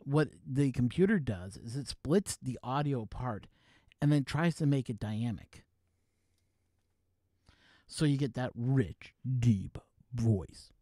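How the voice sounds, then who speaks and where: A Canadian livestream host chats casually with a co-host about microphones, joking, explaining gear and breaking into laughter. His mid-range, dark-toned voice has lively intonation but is slow with long pauses, recorded dry on a professional studio mic wired into a mixer.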